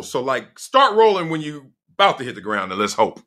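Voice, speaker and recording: A middle-aged man with a lilt spins a story on his podcast. His voice is bright and forward, and it swoops up and down as he acts out what everyone said and every crash and yelp. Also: mid-range voice, brisk, few pauses. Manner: expressive, acts out quoted voices and sounds, laughs often. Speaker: podcast host. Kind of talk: animated storytelling.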